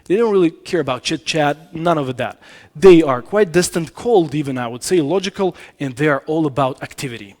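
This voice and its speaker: A man with a fairly high-pitched voice gives a business communication talk on a conference stage. He speaks to the audience in a loose, conversational way, asking them questions and often stopping to correct his own wording. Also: lively intonation, a little fast, few pauses, darkish tone. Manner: conversational, addresses audience directly, frequent self-corrections.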